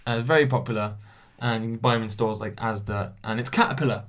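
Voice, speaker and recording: A man's voice: mid-range voice, a little fast. A young man hosting a casual solo podcast, reading quiz questions aloud, stumbling over names and mocking himself. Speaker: podcast host.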